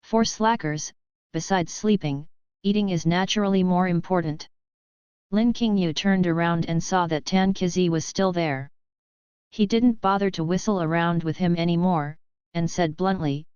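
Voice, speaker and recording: Woman reading an audiobook, low-ish voice, very clear, dry but kinda muffled sound. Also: normal speed, darkish tone, no room sound. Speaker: audiobook narrator. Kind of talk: scripted audiobook narration.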